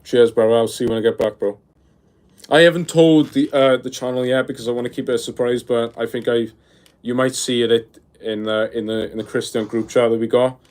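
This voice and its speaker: Young male streamer in his twenties, casual and excitable, mid-range voice. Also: medium pitch, a little fast. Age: 20s. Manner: excitable, peppers speech with "bro", reads chat aloud. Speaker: live streamer. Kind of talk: casual live stream chat.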